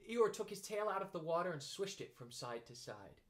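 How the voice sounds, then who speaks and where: Male storyteller reading aloud, animated delivery, a bit high-pitched. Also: fairly quick. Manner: expressive narration.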